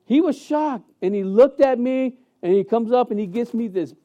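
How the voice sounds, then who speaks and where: A man preaching a sermon as pastor in a church sanctuary, emphatic and animated, with many fillers and restarts. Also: very high voice, normal speed.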